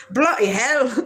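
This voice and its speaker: A woman in her forties from Washington state hosts a casual spiritual livestream, chatting with viewers and reading their comments in a soft, affectionate way, laughing often. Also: sits high. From Washington state, USA. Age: 40s. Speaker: livestream host.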